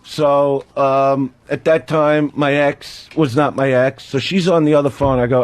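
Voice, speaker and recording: A man's voice: mid-range voice, measured pace, no echo. A man telling a comic story on a radio talk show, acting out both sides of a phone call and laughing as he goes. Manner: animated, acts out phone calls, laughs while telling. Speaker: guest comedian.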